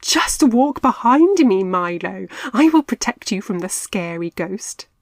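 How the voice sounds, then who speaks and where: A woman's voice: a little high, animated, a little slow, a little mellow, no echo, clean studio sound, pitched above the performer's own voice. A woman doing a brave, boastful boy mouse. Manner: confident, jovial.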